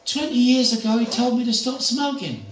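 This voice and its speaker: A man voicing a frail, nearly blind elderly woman in a high, fluting, cooing voice. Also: very animated, moderate pace. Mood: chatty, doting. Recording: echoey room, distant mic, faint noise.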